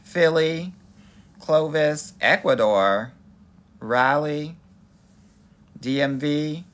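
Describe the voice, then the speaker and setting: A man's voice: fairly high pitch, drawn-out words, fairly bright tone. A man from Los Angeles, a dating coach hosting a live stream, greeting viewers and reading their comments in a sassy, playful way, calling them honey and girl. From Los Angeles, USA.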